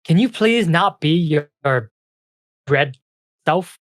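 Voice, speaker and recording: A game master voicing an impatient young female ice fairy who talks high, loud and in rapid bursts. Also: expressive, dry recording, studio quality. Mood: exasperated.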